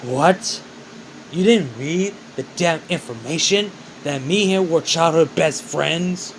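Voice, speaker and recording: A gruff villain mentor, stern and mocking, who talks down to his old apprentice, as a man puts him on. The voice sits fairly high for a man, with a faint hum of noise behind it in this amateur storybook telling. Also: slow pace, low-quality recording. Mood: scolding. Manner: mocking, scolding, calls the boy kiddo.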